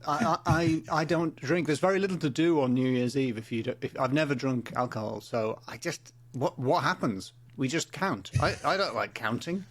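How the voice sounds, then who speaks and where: A man calling in remotely as a podcast guest, teasing with a dry, deadpan wit. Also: medium pitch, moderate pace, hardly any pauses. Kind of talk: casual chat. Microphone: remote call mic.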